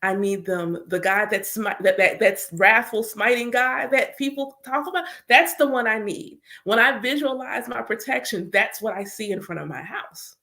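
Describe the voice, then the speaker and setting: A woman with a fairly high voice talks openly and casually about her spiritual practice. She speaks like a reader sharing with her followers, with a lot of "like". She keeps slipping into little spoken versions of her own prayers and conversations. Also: normal speed, gravelly, few pauses, pushed and bright. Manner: candid, chatty, full of filler "like".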